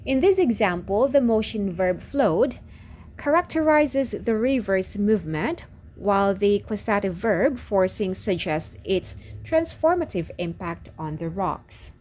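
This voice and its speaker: A woman teacher reading lecture notes aloud, going through example sentences slowly and deliberately. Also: mid-range voice, lively intonation, a little mellow, slight background noise.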